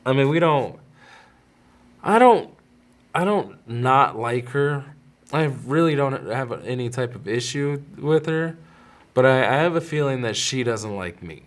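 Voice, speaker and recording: Man, podcast host, thirties, casual storytelling, rambling, self-interrupting, mid pitch. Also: expressive, a little slow. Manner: rambling, self-interrupting, with laughs and quoted voices.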